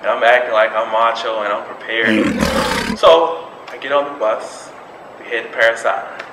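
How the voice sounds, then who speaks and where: A young man tells a personal story at mid pitch, animated and acting out the people he quotes. His voice carries in an echoey meeting room. Steady noise sits under it. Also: normal speed. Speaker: public speaking club member. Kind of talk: first personal speech, storytelling.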